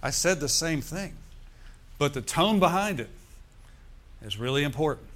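A middle-aged man preaching to his congregation, his voice sitting a touch higher than most men's. He keeps checking in with the room, tossing in an "amen" or a "hallelujah" as he goes. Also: lively intonation, moderate pace, fairly bright tone. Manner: preaching with call-and-response asides. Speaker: pastor. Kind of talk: sermon.

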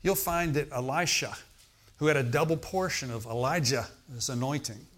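A man's voice: mid-range voice, normal speed, a bit bright. A male preacher delivering a sermon in a mid-range voice. He talks to the congregation as if in conversation, asks them questions and breaks into emphatic exclamations.

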